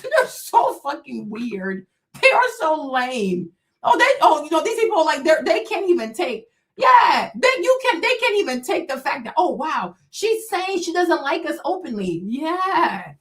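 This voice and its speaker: A woman hosts a livestream in a high, sharply swooping voice. She talks in blunt, profane, confrontational bursts and mocks her listeners with short laughs. The delivery stays heated throughout. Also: fairly bright tone. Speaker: livestream host. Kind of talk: ranting commentary stream.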